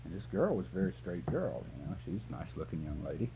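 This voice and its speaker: A man's voice: deep voice, fast talker, gravelly. A man telling a story about a photography job in a recorded interview, often laughing as he talks. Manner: laughs often, animated when telling the punchline. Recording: tinny lo-fi tape with hum.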